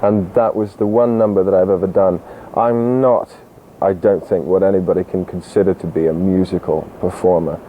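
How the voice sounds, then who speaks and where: A young Canadian-born actor with a mid-Atlantic accent somewhere between Canadian and English, chatting in an interview in a self-deprecating way. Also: male voice, low voice, fairly even intonation, normal speed. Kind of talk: casual interview chat. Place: local cable TV studio. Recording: old 1980s cable TV tape, tinny and hissy.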